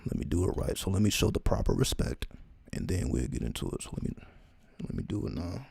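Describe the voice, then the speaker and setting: A man casually reading a text aloud, slowly and with frequent asides, in loose informal talk. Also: deep voice, wildly swooping pitch, gravelly, mellow, breathy edge, no echo. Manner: reads slowly, stopping often for asides.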